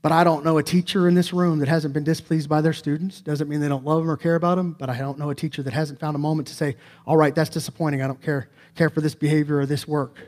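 A man, preaching to his congregation in an emphatic, conversational way. His voice sits a little high, and he keeps throwing rhetorical questions back at the listeners. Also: level tone, fast talker, hardly any pauses, a little mellow. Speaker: pastor. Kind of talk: sermon.

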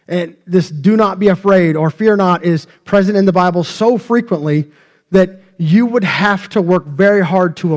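A man's voice: high voice, darkish tone. Man preaching a joking, conversational sermon. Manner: conversational, joking asides to the congregation. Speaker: pastor. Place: church sanctuary.

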